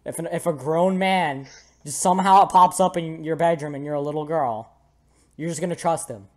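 A man's voice: a little high, moderate pace, a little mellow. A young man casually commentating a game, joking and laughing as he plays. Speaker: let's play host.

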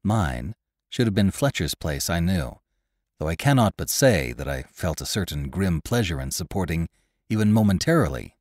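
Male podcast narrator, classic story reading, measured, expressive, lowish voice, dry close mic. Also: no room sound.

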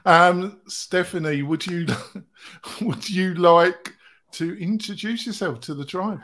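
A man's voice: sits high, takes it slowly, fairly bright tone. A man hosting a round-table podcast over a video call, jovial, laughing often and stumbling over fillers. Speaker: host.

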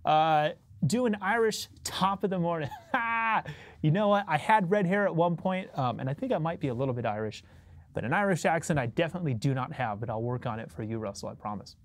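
In a dry recording, a man runs a bass livestream from a studio, talking with viewers at a quick pace. He's animated yet laid-back and meandering, with frequent chuckles.

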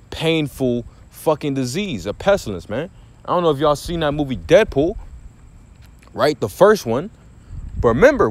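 A man delivering an impassioned, profane religious rant, repeating himself for emphasis with faint vehicle noise behind. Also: a little high. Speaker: street preacher.

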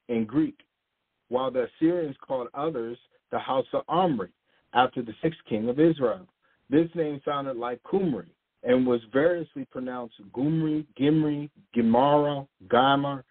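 Male bible teacher, husky voice, phone-quality recording, reads passages then asks "okay?". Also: mid-range voice. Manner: reads long passages aloud, checks in with "okay?". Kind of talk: sermon-style bible teaching. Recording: tinny phone-like audio.

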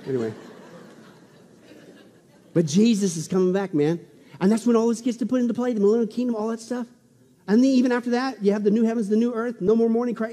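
A man preaching a sermon as pastor, emphatic, with loud exclamations and hushed asides. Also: very high-pitched, fast, pauses often. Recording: long reverb in a large hall.

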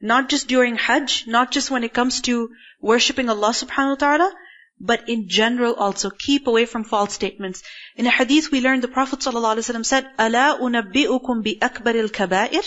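A woman's voice: on the high side, racing, fairly bright tone, muffled recording. A woman teaching a religious lecture, explaining step by step and often asking her listeners whether they follow. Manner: explains step by step with frequent checking questions. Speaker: Quran teacher.

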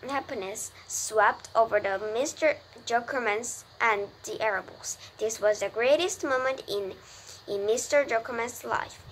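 A woman whose first language is Korean reads an English children's novel aloud slowly and carefully, backing up to restart words she trips on. Her voice sits fairly high, and clear background noise runs under the home recording. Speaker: parent reading to a child.

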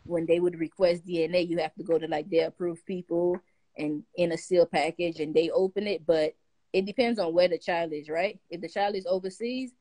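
A woman's voice: lowish voice, fairly even intonation, fairly quick, dark tone, dry recording, rough recording. A woman explaining a process in a casual, matter-of-fact way.

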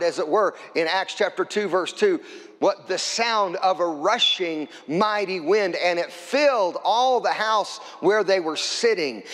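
A man preaching a sermon as pastor, quoting scripture and building to shouts at the high points. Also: big-room sound. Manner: preaching with scripture quotes, rising to shouts at climaxes.

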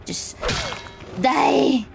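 Woman gamer, casual commentary, lots of swearing, high-ish voice, slow, faint music behind. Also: fairly even intonation, gravelly. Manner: swearing, jumpy reactions, squeals when startled. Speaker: gaming streamer. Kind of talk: casual let's-play commentary.

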